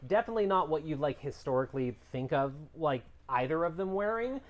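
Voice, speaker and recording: A woman game master narrates a tabletop game in a chatty, rambling way, full of fillers. Her voice is low but very lively in pitch. She sounds loose and conversational. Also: brisk, lo-fi sound.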